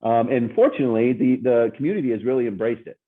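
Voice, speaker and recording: Over a tinny, phone-like line, a man with a mid-range voice talks fast. He co-owns a coworking space and answers interview questions in an upbeat, emphatic manner.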